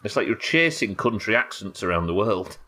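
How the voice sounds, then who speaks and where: A man's voice: lowish voice, expressive, brisk, pushed and bright. Chatty Yorkshire man streaming a game. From Yorkshire, England. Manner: chatty, swears freely, talks to chat. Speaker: livestreamer. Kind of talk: casual gameplay commentary.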